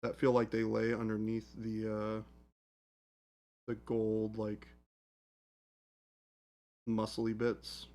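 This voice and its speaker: Here the same kind of playful livestream banter comes slowly and in a monotone, with long pauses and a darkish medium-pitched voice. The host thinks aloud while painting miniatures, joking and dropping into silly voices.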